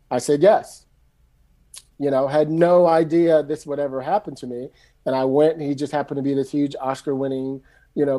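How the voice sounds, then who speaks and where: A middle-aged man from San Francisco, a screenwriter telling his story in a loose, animated, casual way and swearing freely. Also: fairly high pitch. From San Francisco, USA. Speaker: screenwriter guest.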